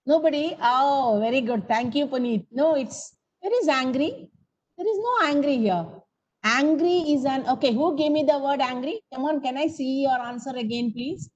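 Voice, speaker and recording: An English teacher with a high-pitched, slightly mellow voice runs an online coaching class on grammar, coaxing her students for answers and calling on them by name. The recording sounds muffled.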